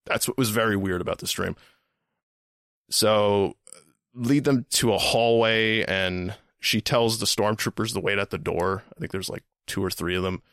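A man's voice: fairly low pitch, normal speed, fairly bright tone, no room sound, studio quality. A man hosting a podcast, telling a story in a rambling, casual way, repeating words and swearing now and then. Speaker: podcast host.

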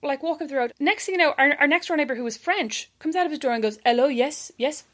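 A young Irish woman chatting casually, telling animated stories and mimicking other people's voices. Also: sits high, fast talker. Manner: animated anecdotes, mimics voices, laughs often. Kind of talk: casual chat, storytelling.

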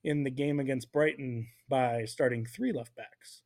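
A young man co-hosts a sports podcast, speaking a little slowly at a medium pitch. He chats casually and jokes animatedly, jumping between voices for comedic bits.

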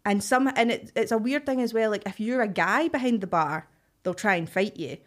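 A woman's voice: mid-range voice, brisk. A woman from Glasgow with a Glaswegian Scottish accent, a podcast guest chatting casually and acting out the people in her stories. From Glasgow, Scotland. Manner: animated storytelling, acts out quoted voices. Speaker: podcast guest, actor and writer. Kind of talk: casual chat.

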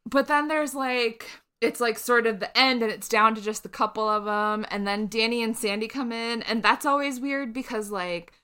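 Bright-voiced woman picking a film apart. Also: a little high, steady tone, normal speed, few pauses, smooth. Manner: analytical, lots of "like". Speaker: comedian guest. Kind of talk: casual chat.

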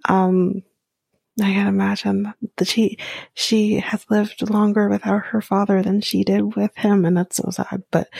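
A woman softly recapping a reality dating show in a whispered ASMR style, halting with frequent ums and small laughs. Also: mid-range voice, flat delivery, creaky, slightly rough, no echo.

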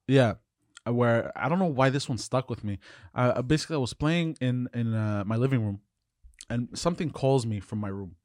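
A man's voice: mid-range voice, darkish tone, dry recording. A man on a casual podcast telling a story in a mid-range voice. He stops and restarts often, and the sound is dry and close. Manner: halting, many fillers and restarts, laughs off teasing.

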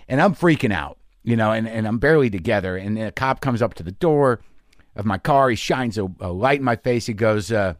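A middle-aged man hosting a podcast, telling a candid comic story in a halting, confessional way full of fillers. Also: lowish voice, dry recording, studio quality. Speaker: podcast host and comedian.

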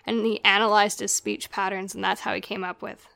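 A woman's voice: medium pitch, little pitch movement, a little fast, creaky, pushed and bright, dry recording. A woman in a casual chat about a film, talking with fillers and trailing sentences. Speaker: podcast co-host discussing a film.

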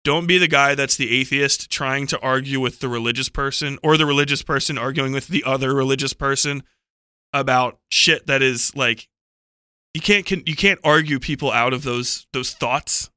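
Bright, profane man telling a rambling story. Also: medium pitch, moderate pace, smooth, dry recording, studio quality. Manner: profane, digressive storytelling with frequent laughter; heavy use of "like" and self-corrections. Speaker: book club podcast panelist. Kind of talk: casual rambling anecdote.

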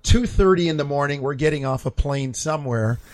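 Middle-aged male broadcaster, slightly high voice, animated raconteur. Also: a little fast, dry recording. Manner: animated storyteller who acts out quotes. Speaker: longtime basketball broadcaster, guest. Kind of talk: casual storytelling chat.

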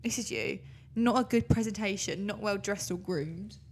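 A woman's voice: mid-range voice, moderate pace, a little hiss or hum. Young woman co-hosting, blunt and chatty. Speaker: podcast co-host. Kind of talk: casual chat.

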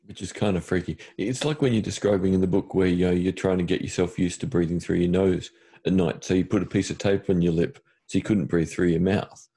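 A man's voice: low-pitched, steady tone, brisk, dark tone, slightly rough. A man hosting an interview, chatting casually and cutting in with jokes. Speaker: interviewer host.

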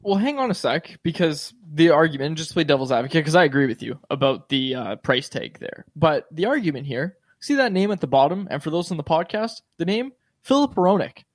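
A man's voice: a little high, lively intonation, fairly quick, few pauses, no room sound, studio quality. A man co-hosting a sports podcast, chatty, laughing easily and playing devil's advocate. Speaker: podcast co-host. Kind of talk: casual sports podcast chat.

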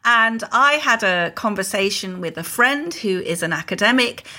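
Bright-voiced indignant woman. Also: medium pitch, expressive, normal speed. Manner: indignant, emphatic. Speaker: podcast co-host. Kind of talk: opinionated casual chat.

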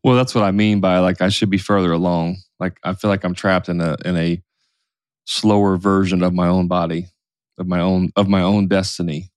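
Man, deep low voice, casual podcast chat, candid, dry room. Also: steady tone, moderate pace, clear, resonant tone, no room sound. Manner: candid, rambling with restarts. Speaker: podcast co-host.

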